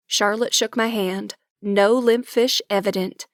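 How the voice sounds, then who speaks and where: A woman narrating a romantic comedy audiobook in first person, with wry, lively storytelling. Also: medium pitch, unhurried, few pauses, dry recording, clean studio sound.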